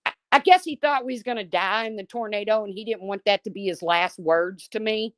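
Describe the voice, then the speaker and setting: Hosting a casual livestream, a middle-aged woman tells folksy stories and reads out viewers' names, cursing freely and talking bluntly. Her mid-range voice is a little fast, fairly bright and clean, recorded in a studio without echo.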